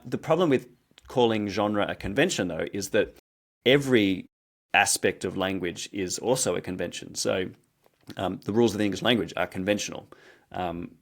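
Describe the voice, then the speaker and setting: An Australian man, a guest scholar, explaining ideas in relaxed conversation with dry humor. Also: lowish voice.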